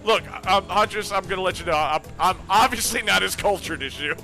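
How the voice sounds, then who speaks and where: A man streaming a dating game, excitable and jokey, reading it aloud and talking back to the game. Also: high-pitched, a little fast, soft background music.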